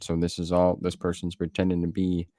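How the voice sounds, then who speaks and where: A podcast co-host with a very deep, low-pitched voice. He talks in an earnest, rambling way. The recording is close, with no room sound. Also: monotone, brisk, dark tone, no echo. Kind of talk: casual chat.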